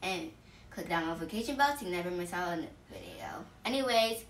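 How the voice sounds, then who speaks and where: A woman's voice: lowish voice, huge pitch swings, a little fast, distant mic. A woman vlogger explaining simple manners in an earnest, plain way, with restarts. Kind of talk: casual explainer vlog. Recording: echoey room, voice off the mic.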